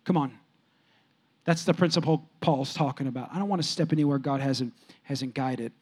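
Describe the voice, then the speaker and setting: A man preaching a sermon with audience interaction, telling casual stories and swinging from soft, low asides to loud, excited peaks. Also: normal speed, slightly rough. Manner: animated, jumps sharply higher and louder when excited, then drops soft; conversational, storytelling preacher with casual slang. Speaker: pastor.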